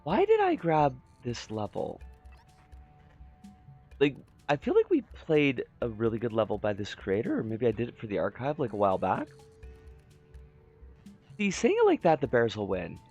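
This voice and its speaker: A man's voice: wildly swooping pitch, normal speed, pauses often, darkish tone, dull audio, faint music behind. A man streaming a game, chatting in a rambling, jokey way. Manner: rambling, jokey, swoops in pitch. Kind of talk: casual game-stream chat.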